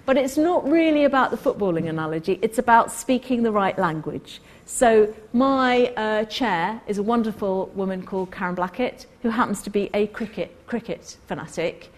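A woman telling a workplace story in a talk, animated and acting out the people she quotes. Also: mid-range voice, moderate pace, hardly any pauses. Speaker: co-host.

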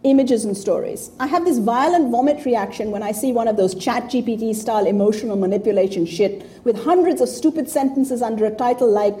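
A woman's voice: on the high side, brisk, few pauses, mellow, a little hiss or hum. A woman in her fifties giving an informal talk to an audience, blunt, profane and sarcastic. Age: 50s. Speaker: speaker addressing an audience.

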